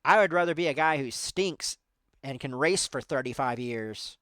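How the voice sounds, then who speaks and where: In clean, dry studio sound, a man in his thirties hosts a podcast, rambling through casual chat with plenty of filler words. He has a medium-pitched, slightly bright voice and talks at a normal speed.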